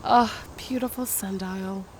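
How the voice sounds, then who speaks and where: A woman with a slightly hoarse sick voice, chatting casually and laughing often as she narrates a beach walk, admiring each find. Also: mid-range voice, steady tone, a little slow, background noise. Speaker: beach vlogger. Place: outdoors on a beach.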